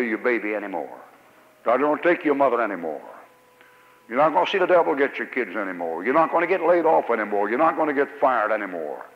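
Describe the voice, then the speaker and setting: A man preaching a sermon in a church, folksy and joking, swinging between soft and loud. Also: medium pitch. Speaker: pastor. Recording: muffled old church recording with long reverb.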